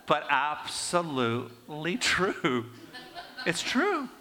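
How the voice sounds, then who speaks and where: Older male preacher, lively swings from raised to hushed, very expressive pitch. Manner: animated, swinging between raised and hushed delivery. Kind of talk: sermon with personal storytelling.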